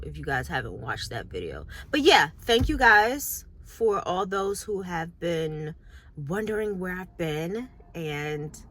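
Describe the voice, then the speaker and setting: A woman's voice: on the low side, fairly bright tone. A candid, chatty woman in middle age speaks to camera in a casual vlog. She reflects openly on her week and shares her thoughts with her followers. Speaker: vlogger and makeup artist. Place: New York City.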